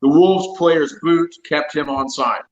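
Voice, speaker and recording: A middle-aged man on a football fan show, talking in halting, exasperated casual banter with many restarts. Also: a little high, roomy sound, highs cut off. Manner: halting, repeats words, exasperated. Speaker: co-host.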